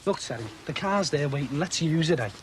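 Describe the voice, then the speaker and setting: An actor playing a man, pushy, wheedling, high-pitched, lively. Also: a little fast, a little hiss or hum, close to an everyday voice. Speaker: business partner. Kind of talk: soap opera acting.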